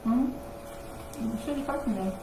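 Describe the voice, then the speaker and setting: A woman's voice: a little high, moderate pace, background noise. Laughing, teasing woman in an echoey room. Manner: loud, laughs often, teasing. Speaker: co-host of a live chat show. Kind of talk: casual chat.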